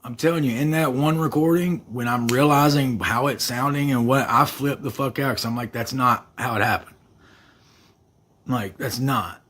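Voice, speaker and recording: A man's voice: medium pitch, moderate pace, hardly any pauses, a bit bright, slight background noise. A man on a livestream defending himself in an aggrieved, self-justifying way. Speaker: livestreamer being reviewed.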